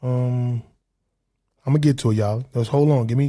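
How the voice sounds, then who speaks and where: A man's voice: mid-range voice, a little fast, mellow. A man hosting a casual podcast livestream, ranting in a profane, heated, rambling way. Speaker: podcast host.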